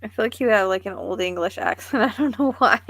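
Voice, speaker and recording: A woman's voice: mid-range voice, fairly quick, a bit bright, dry recording. Woman psychic musing aloud, dry sound. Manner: musing, tentative, thinks aloud. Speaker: psychic medium. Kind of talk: live reading stream.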